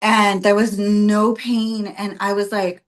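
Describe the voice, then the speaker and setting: A woman in her thirties, a podcast guest, telling a personal story in a casual, animated way, full of "like" and "um", often laughing and getting emotional. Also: medium pitch, takes it slowly. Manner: animated, heavy on fillers like "like" and "um". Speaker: podcast guest, birth worker.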